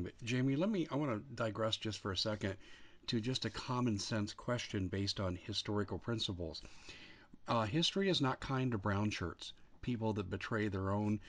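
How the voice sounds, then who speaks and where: Low-voiced man hosting an interview. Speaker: host. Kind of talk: interview questioning.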